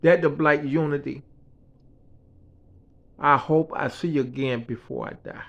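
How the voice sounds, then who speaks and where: High-voiced man telling a rough story. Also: a little slow. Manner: animated, slangy and profane, acts out quoted voices. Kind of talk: casual personal storytelling.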